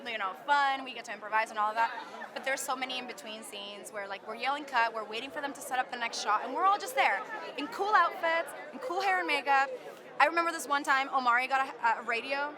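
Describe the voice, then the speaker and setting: Woman, actress, from Canada, bubbly, gushing, fairly high voice, red carpet, loud crowd around. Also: fast. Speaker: actress at her film premiere. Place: outdoor red carpet premiere. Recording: loud crowd noise outdoors. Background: crowd chatter.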